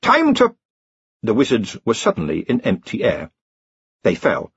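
A low, husky male narrator with a lively, expressive reading. The recording is dry and a little muffled, with a dull, lo-fi tone. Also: normal speed, no room sound. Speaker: audiobook narrator. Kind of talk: scripted narration.

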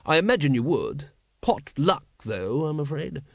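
A man's voice: a little high, big pitch swings, measured pace, creaky, no echo, exaggerated voice. Male reader as an urbane older ruler, unruffled and dry, courteous.

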